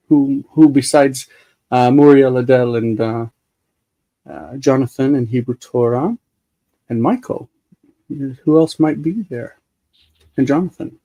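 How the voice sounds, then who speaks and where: Mellow-voiced man teaching Hebrew grammar. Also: medium pitch, low-quality recording. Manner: patient, teacherly, pronounces words slowly to explain grammar. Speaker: host leading a live Hebrew reading group. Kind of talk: live-streamed study discussion.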